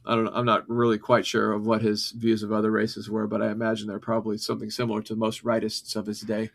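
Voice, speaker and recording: A man's voice: on the low side, completely flat delivery, fast talker, vocal fry. A man co-hosting a history podcast, reading passages from an article aloud and then breaking off into loose commentary full of fillers and restarts. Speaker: podcast co-host.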